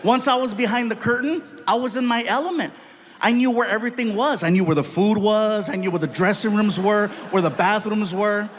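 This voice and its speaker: A middle-aged man telling a stand-up story in an animated, loud way, acting out each scene. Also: high voice, a little fast, a little hiss or hum. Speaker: stand-up comedian.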